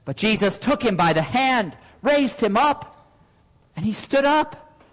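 A man's voice: high voice, lively intonation, a little slow, big-room sound, poor audio. A man preaching a sermon as pastor, earnest and full of rhetorical questions.

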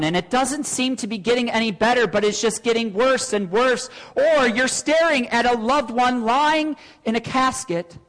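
High-voiced preacher in a reverberant church. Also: male voice, fairly bright tone. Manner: earnest preaching with rhetorical questions. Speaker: pastor. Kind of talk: sermon.

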